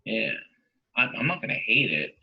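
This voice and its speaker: A man's voice: fairly low pitch, very animated, moderate pace, creaky, slightly rough, lo-fi sound. A man co-hosting a wrestling podcast, laid-back and rambling with lots of "um" and "you know". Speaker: podcast co-host. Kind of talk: casual wrestling podcast chat.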